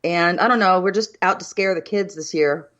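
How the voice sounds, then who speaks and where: Low-voiced easygoing woman. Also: moderate pace, a bit bright, highs cut off. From USA. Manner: easygoing, many ums, laughs often. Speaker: podcast co-host. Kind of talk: casual chat over cocktails. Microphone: remote virtual studio setup.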